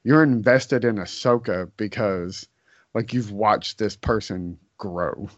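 A low-voiced man speaks very slowly and deliberately in a casual podcast chat. The recording is dry with no room echo and sounds dull and lo-fi. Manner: slow, drawn-out and deliberate.

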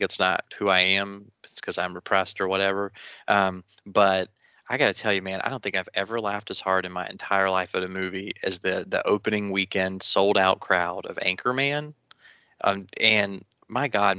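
A man chatting casually on a podcast, telling stories in an animated way with frequent restarts, on a dull lo-fi recording. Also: lowish voice, clear, resonant tone, no echo. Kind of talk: casual chat.

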